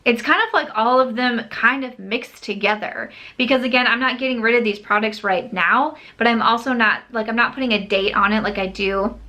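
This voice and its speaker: A woman's voice: fairly high pitch, brisk, few pauses, sharp tone. A woman beauty vlogger chatting casually to camera, emphatic and scolding herself with mock exasperation. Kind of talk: casual vlog chat.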